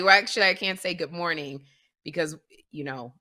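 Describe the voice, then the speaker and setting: A woman co-hosting a podcast, talking in an animated, self-deprecating, storytelling way. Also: lowish voice, fairly quick. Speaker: podcast co-host. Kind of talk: casual chat.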